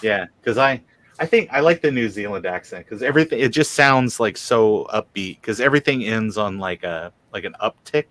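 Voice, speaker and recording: A man in his thirties or forties chatting casually on a video call, deadpan and joking, spinning rambling tall tales. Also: fairly low pitch, normal speed. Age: 30s to 40s. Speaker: guest on a livestream.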